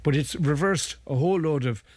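Digressive solicitor, dry close sound. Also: male voice, fairly high pitch, brisk, a little mellow, husky, dry recording. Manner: anecdotal, explanatory, digressive. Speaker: family law solicitor. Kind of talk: conversational interview.

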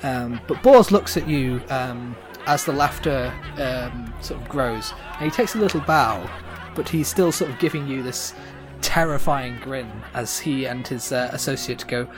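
A man's voice: medium pitch, crowd noise. Guy running a tabletop game, hesitant, says um a lot, music underneath. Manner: halting, lots of ums and sort ofs. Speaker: game master.

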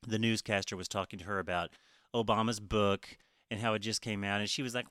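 A man's voice: on the low side, a little fast, a bit bright, smooth, no room sound, clean studio sound. A man co-hosting a podcast in a casual, profane, chatty way, often laughing. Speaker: podcast co-host. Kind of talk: casual chat.

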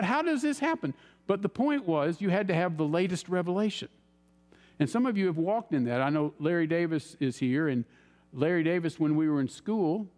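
Animated preacher man in an echoing hall. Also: fairly high pitch. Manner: animated storyteller, voices his own inner reactions. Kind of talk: sermon storytelling. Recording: long hall reverb.

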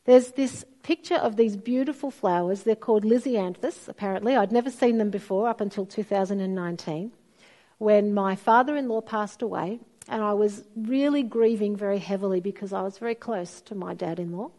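A middle-aged woman, preaching a sermon and telling stories expressively. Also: mid-range voice. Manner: storytelling, expressive, acts out quoted voices.

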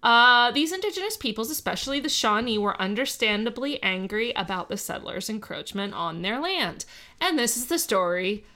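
A woman's voice: on the high side, big pitch swings, moderate pace, pushed and bright. A young woman co-hosting a casual history chat, reading from notes with playful, giggly asides. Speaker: podcast co-host.

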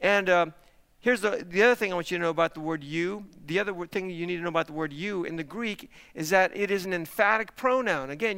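A man preaching a sermon to his congregation, emphatic and animated, asking rhetorical questions. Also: high voice, smooth. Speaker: pastor.

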